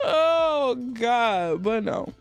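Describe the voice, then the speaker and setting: A woman's voice: on the high side, big pitch swings, very slow, clean tone, dry recording, faint music behind. A woman with a Texan accent and a slight lisp, chatting casually on a live stream and laughing often as she answers her chat.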